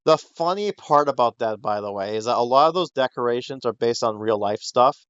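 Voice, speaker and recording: A man's voice: medium pitch, animated, fairly quick, fairly bright tone, smooth, no room sound, muffled recording. A man hosting a casual podcast chat, rambling and swearing freely, laughing often and acting out quotes. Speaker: podcast host.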